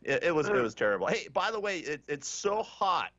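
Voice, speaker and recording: Brash, ranting radio host, bright voice. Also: male voice, fairly high pitch, sing-song, brisk, no room sound. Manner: brash, ranting, laughs often. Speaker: radio talk show host. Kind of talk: casual radio talk. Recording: dull, muffled radio broadcast.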